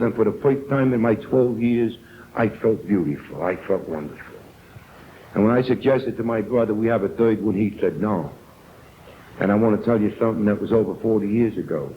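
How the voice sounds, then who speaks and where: An older man with a New York accent earnestly shares his own story as a speaker at an AA recovery meeting, acting out the people he quotes. His voice is low-ish, heard on a tinny old tape with a bit of hiss or hum.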